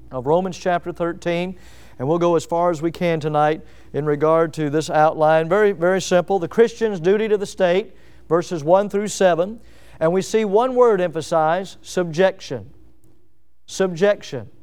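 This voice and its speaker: A man preaches a sermon in a high, clear, resonant voice. He leans hard on key words and turns to his congregation with questions. The delivery is emphatic and direct. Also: darkish tone. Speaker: pastor.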